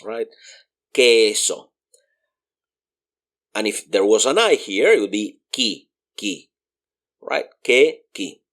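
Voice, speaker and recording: In a beginner Spanish lesson, a man with a mid-range voice spells words out one letter at a time. He patiently explains pronunciation, repeating examples.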